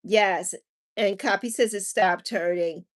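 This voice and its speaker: A woman's voice: medium pitch, slow pace. A middle-aged woman hosting a casual livestream, chatting and reading viewer comments aloud with lots of laughter. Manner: animated, laughs often, reads chat aloud. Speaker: livestream host reading chat.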